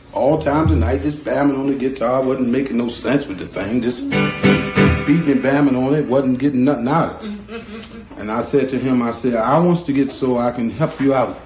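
A man from North Carolina, a guitarist telling a folksy story in an animated way, acting out the voices in it and chuckling often. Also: mid-range voice, slight background noise. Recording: roomy echo.

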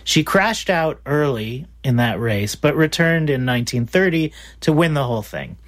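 A man's voice: mid-range voice, moderate pace. Man co-hosting a history podcast, easygoing. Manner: relaxed, casual narration. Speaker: podcast co-host. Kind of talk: conversational history storytelling.

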